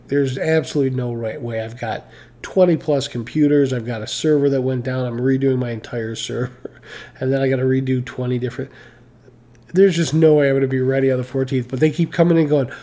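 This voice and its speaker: A man's voice: medium pitch, dark tone. A tired man chatting casually on a live stream, rambling with lots of fillers and restarts, joking about himself. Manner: self-mocking, laughs at own stories.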